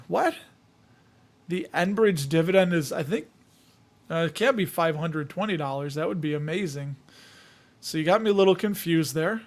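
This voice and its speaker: A man from the Chicago area hosting a casual livestream, reading viewer comments in a jokey, rambling way with frequent chuckles. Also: on the high side.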